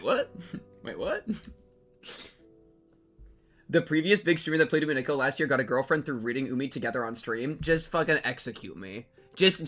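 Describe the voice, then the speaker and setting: A young man streaming a game, chatting to his viewers in a rambling, jokey, excitable way and sometimes reading the game text aloud. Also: a little high. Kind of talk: casual game-reaction commentary.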